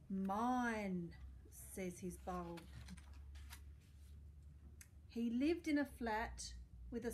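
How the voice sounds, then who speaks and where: Librarian lady reading storytime to kids, high voice, slow and expressive. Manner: asks listeners questions, expressive reading. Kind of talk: storytime read-aloud for children.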